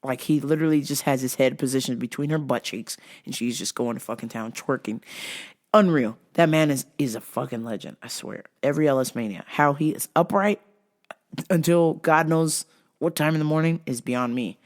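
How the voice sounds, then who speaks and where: A woman podcast host telling a profane, animated story in casual talk. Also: very deep voice, normal speed.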